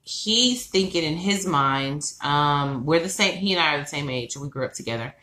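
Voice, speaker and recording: Woman, young adult, podcast co-host, casual profane storytelling, bright forceful voice, echoey room. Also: low-pitched, animated, normal speed, a little hiss or hum. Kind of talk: casual chat.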